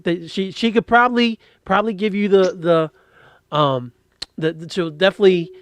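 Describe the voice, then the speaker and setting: A man's voice: high voice, normal speed, no echo. A man hosting a podcast in an easygoing casual chat, laughing along and restarting his sentences.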